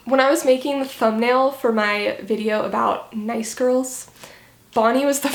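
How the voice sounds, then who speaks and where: Woman vlogger, pointed and sarcastic commentary, slightly high voice, echoey room. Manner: critical, sarcastic, explanatory. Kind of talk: scripted video commentary.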